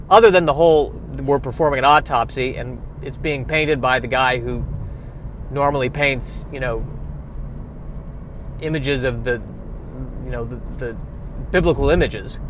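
A man with a somewhat high voice hosts a solo show from his car, drifting from topic to topic with wry, self-deprecating humor. Faint traffic noise sits behind him. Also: fairly bright tone. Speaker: podcast host. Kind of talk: solo rambling monologue. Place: in a car by a street.

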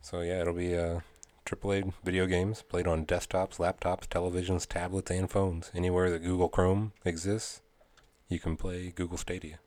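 A man's voice: low voice, little pitch movement, moderate pace, darkish tone. A man co-hosting a casual gaming podcast, reading news items and chatting with laughs. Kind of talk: casual chat.

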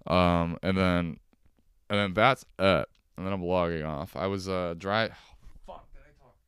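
A young man talks alone into his podcast mic from his couch, ranting in a sarcastic, profane comic way. His voice sits a little low and comes through very smooth and clean. The sound is close and dry, with no room around it. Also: fairly even intonation, a little slow, a bit bright, no room sound. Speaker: podcast host. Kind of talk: solo comedic podcast rant. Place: at home on a couch.

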